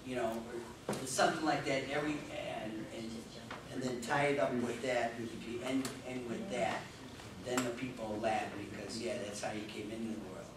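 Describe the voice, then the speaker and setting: Halting man giving speech feedback. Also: mid-range voice, steady tone. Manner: halting, searching for words. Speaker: speech evaluator. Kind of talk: spoken feedback. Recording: echoey room, distant mic, noise.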